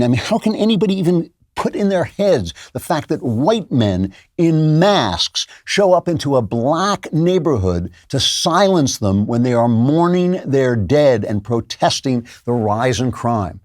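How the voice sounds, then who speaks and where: Older male opinion host, sardonic and scoffing, animated delivery, dry close mic. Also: on the high side, measured pace, no room sound. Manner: sardonic, laughs at opponents, mocking voices in quotes. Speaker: political commentary host. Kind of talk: opinion show monologue.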